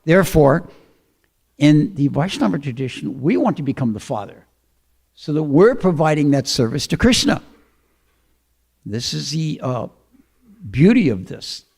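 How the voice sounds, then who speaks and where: Gravelly man telling a sacred story. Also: on the high side, big pitch swings, measured pace, long pauses, a little mellow. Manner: conversational, with frequent fillers and throat clearing. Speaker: speaker giving a scripture talk. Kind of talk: storytelling sermon.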